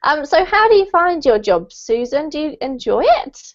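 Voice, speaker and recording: Bubbly high-voiced woman teacher. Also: very animated, moderate pace. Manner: upbeat, coaching, laughs often. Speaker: English conversation teacher. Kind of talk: friendly online class hosting. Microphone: video call. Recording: muffled lo-fi call audio.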